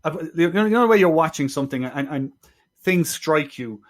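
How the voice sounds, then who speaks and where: A man's voice: a little high, expressive. A man co-hosting a film podcast, talking casually with lots of restarts and wry asides. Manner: halting, many restarts, wry. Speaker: podcast co-host.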